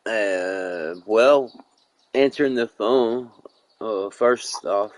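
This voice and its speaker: A man's voice: lowish voice, very slow, a little hiss or hum. A man live streaming who tells a rambling, profane story in casual chat, acting out the other people's lines as he goes. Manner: profane, rambling, animated retelling with quoted dialogue.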